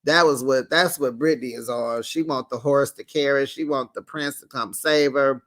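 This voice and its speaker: A man hosting a casual TV recap, animated and laughing often as he acts out what people said. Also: medium pitch, normal speed. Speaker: TV recap host.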